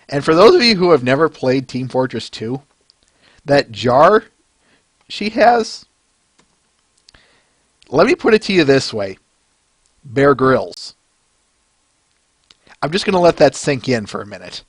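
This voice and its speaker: A male podcast host talks in a loose, rambling way, full of "um"s and little chuckles. His pitch moves around in a lively, animated way. The sound is close and dry, with no room echo. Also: unhurried, long pauses, breathy edge. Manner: rambling, filler-heavy, chuckling. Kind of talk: casual podcast fan-art review.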